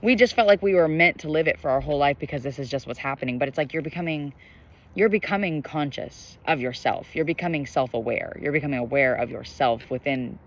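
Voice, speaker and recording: A man's voice: a little high, brisk. A young man giving a casual collective tarot reading to camera, rambling with lots of fillers and spiritual musing. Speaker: tarot reader. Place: indoors, bright sky glowing behind them. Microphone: camera facing the speaker.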